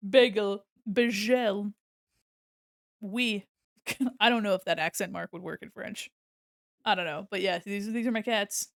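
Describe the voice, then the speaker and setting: A woman's voice: mid-range voice, normal speed, vocal fry, a bit bright, no echo. A young adult woman streaming casually while she draws, rambling and giggling often and swearing freely.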